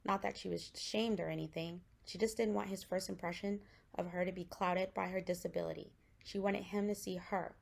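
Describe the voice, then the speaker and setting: Gravelly woman reading her fiction. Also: fairly low pitch, steady tone, brisk, few pauses, a little mellow. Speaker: author.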